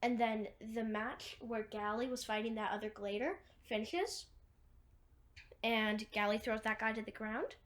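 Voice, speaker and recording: A woman's voice: on the high side, unhurried. Rambling woman retelling a movie plot. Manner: rambling, many fillers and restarts. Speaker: movie recapper.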